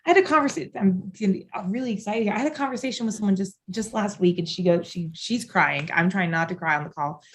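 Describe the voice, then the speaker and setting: Woman guest, 30s, passionate and driven, mid-range voice, conversational podcast delivery. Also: medium pitch. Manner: passionate, impassioned, rapid. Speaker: podcast guest, event founder. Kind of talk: casual interview chat.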